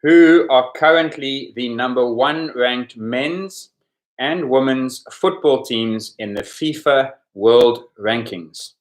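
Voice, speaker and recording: A man's voice: medium pitch, takes it slowly. A man hosting a podcast quiz, talking casually as he explains the answers with chatty asides. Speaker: podcast host running a sports quiz. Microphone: podcast microphone.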